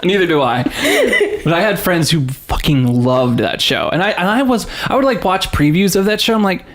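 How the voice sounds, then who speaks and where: A man's voice: high voice, moderate pace. Laughing man hosting a podcast. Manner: animated storyteller, laughs often, reads facts aloud. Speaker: podcast host. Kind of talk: casual podcast chat.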